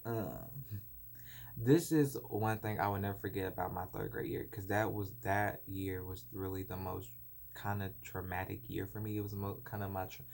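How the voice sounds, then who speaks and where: A man's voice: sits low, moderate pace, vocal fry, darkish tone. A man telling a personal story to his phone camera in a casual, rambling way, full of "like" fillers and acting out the voices of the people in it. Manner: rambling, lots of "like" fillers, acts out voices in stories. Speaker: vlogger.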